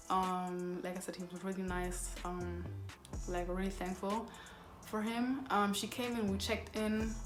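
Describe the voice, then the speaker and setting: A young woman tells a story to her vlog camera in a loose, rambling way, leaning on fillers. Her voice sits at an ordinary pitch for a woman. The room around her adds a clear echo, with faint music underneath. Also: fairly bright tone. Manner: rambling retelling, filler-heavy with constant "like". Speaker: vlogger. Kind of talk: casual storytime.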